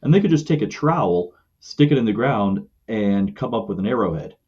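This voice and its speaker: A man's voice: lowish voice, animated, fairly quick, darkish tone, husky, dull audio. A man from West Virginia, a podcast guest, explaining things thoughtfully and at length. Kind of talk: casual conversation.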